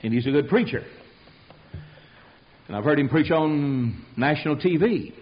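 A man's voice: on the high side, expressive, a little slow, dull audio. A man preaching a fiery sermon, emphatic and rhetorical, calling out questions to his congregation.

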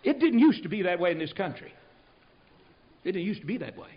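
An older man from the United States preaching a folksy, storytelling sermon, swinging from loud to hushed. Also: high-pitched, sing-song, brisk. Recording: dull lo-fi recording.

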